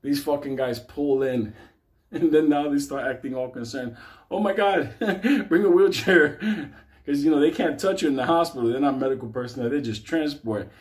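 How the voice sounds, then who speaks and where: A man's voice: mid-range voice, fairly quick, mellow. A man, casually telling a long story, swearing heavily and laughing as he goes. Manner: profane, laughing through the story. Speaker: host.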